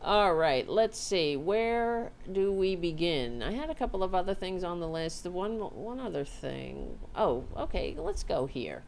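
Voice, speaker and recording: A woman's voice: lowish voice, very animated, measured pace, creaky, hardly any pauses, darkish tone, a little hiss or hum. A woman hosting a casual livestream, rambling and swearing as she chats and talks to her cat. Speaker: host.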